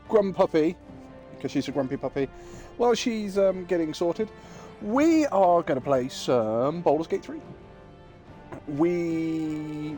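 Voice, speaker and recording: A man with a somewhat high, warm voice streams a game live. He's chatty and jokey, talking casually with his viewers.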